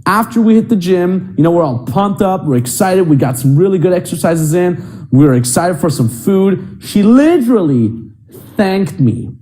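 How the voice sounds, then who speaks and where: A man's voice: sits high, sing-song, normal speed, warm tone. A young adult man coaching other men on dating in a blunt, emphatic and profane way. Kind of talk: coaching monologue.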